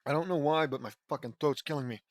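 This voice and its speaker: A man reads fan fiction aloud in a loose, casual way, tripping over words and stopping for profane, joking side comments. His voice sits a bit high. The sound is close and dry. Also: quick pace, no room sound. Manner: stumbling, swearing, joking asides. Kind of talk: casual audiobook reading.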